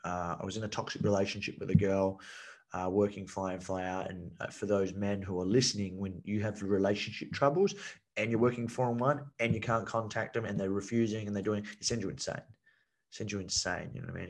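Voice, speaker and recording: A man in his late twenties with a low, level voice. He keeps the same even tone as he talks as a podcast guest. He speaks bluntly and swears freely, leaning on "like" and "you know" as he goes. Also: brisk. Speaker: podcast guest, men's coach. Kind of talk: casual storytelling podcast chat.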